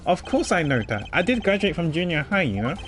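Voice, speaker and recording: A man's voice: a little high, sing-song, a little fast, fairly bright tone, slight background noise. A man doing a whiny, goofy slacker guy. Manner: whiny, rambling and sheepish.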